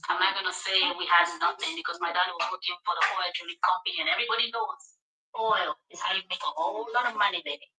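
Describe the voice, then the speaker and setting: A woman ranting to her social media followers in an animated, sassy way, putting on mock voices. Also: mid-range voice, fast, a crowd in the background. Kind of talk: direct-to-camera social media rant. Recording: echoey, distant replayed clip.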